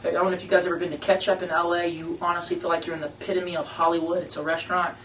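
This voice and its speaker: A man, a band member, telling a story to radio hosts in a lively, slangy storytelling manner. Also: on the high side, rapid-fire. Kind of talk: casual storytelling interview. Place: radio station conference room. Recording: roomy room, mic at a distance, faint noise.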